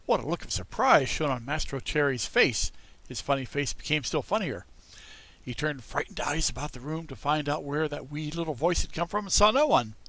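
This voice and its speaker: A man narrating a classic children's story in an expressive storybook style, talking to young listeners. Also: a little high, normal speed. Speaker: audiobook reader.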